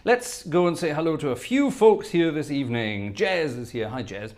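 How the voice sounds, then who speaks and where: A man's voice: a little high, expressive, normal speed, darkish tone. Chatty man greeting his stream. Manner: chatty, greets viewers by name, hums to himself while reading the chat. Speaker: host of a live-streamed organ music show. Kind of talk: casual live-stream chat greeting viewers.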